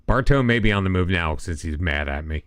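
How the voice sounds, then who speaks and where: A man's voice: low-pitched, animated, a little fast, no room sound. A man hosting a gaming channel, giving rambling, self-deprecating commentary as he plays and talks to himself. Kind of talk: casual gameplay commentary.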